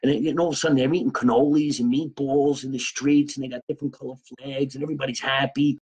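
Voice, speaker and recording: A man's voice: mid-range voice, fairly even intonation, fast, a little mellow, breathy edge, rough recording. A man hosting a comedy podcast, telling a rambling, profane, improvised comic story.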